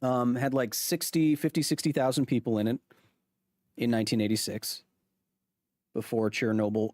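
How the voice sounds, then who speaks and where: A man's voice: mid-range voice, little pitch movement, normal speed, pauses often, a little mellow, dry recording, clean studio sound. A man in his thirties hosting a science podcast livestream, chatting loosely and jokingly with viewers, full of fillers and restarts. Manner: jokey, teasing back at chat. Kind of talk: casual live-stream chat reading viewer comments.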